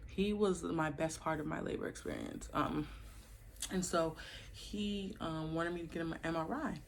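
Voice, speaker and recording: A young woman vlogging to her camera at home, casually telling her labor story with animated, slangy asides to viewers. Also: low voice, normal speed, gravelly, a little hiss or hum.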